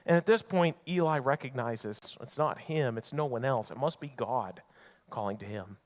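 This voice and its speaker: A man's voice: medium pitch, normal speed. A man preaching a sermon in a church, telling a Bible story conversationally and acting out the characters' lines. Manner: storytelling with acted-out voices, conversational asides. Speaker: pastor. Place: church sanctuary.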